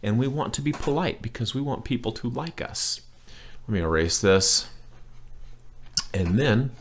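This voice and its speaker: A man with a fairly low voice teaches a beginner language lesson at a whiteboard. He talks in a loose, chatty way and often stops to restart a sentence or fill a pause. The delivery is relaxed and informal. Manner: rambling and chatty, with many fillers and restarts.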